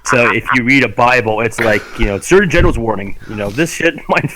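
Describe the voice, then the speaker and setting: A man's voice: mid-range voice, brisk, sharp tone, rough recording. Guy rambling on a podcast, swears a lot, laughs mid-sentence, medium voice. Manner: rambling, profane, laughs into his words. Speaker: podcast co-host. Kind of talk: casual chat.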